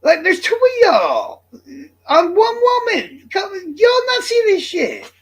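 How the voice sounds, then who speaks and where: A man putting on a shrill indignant woman. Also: huge pitch swings, slow, full character voice. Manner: shrill, whiny, near-crying outbursts. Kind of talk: livestream rant.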